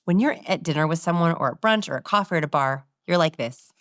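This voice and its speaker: A woman in an interview, explaining body language in an animated, demonstrative way. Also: low-pitched, fast talker, no room sound, clean studio sound. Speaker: guest expert on body language.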